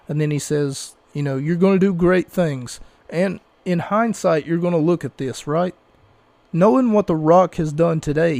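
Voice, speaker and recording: A man's voice: a little high, dark tone, dry recording. A man hosting a podcast, recapping wrestling in a rambling, casual way with restarts and asides. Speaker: podcast host.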